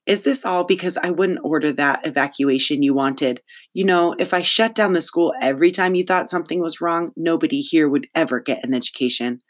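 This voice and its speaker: A narrator putting on a prim, high-pitched school principal. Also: brisk, few pauses, close to an everyday voice. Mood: prim, scolding. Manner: scolding, prim. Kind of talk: audiobook character voice.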